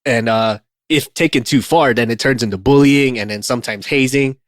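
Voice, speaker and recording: A man's voice: mid-range voice, moderate pace, no echo. A man in a casual podcast chat, heard close and dry on the mic. He talks at an easy pace, laughs a lot and leans on fillers as he tells stories. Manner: relaxed, laughs often, many fillers. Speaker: podcast co-host.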